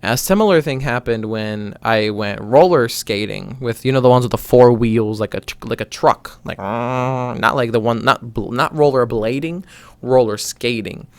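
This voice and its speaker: A man's voice: medium pitch, moderate pace, dry recording. A young man hosting his own show, telling a personal story in a rambling, casual way, with restarts and some swearing. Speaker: podcast host.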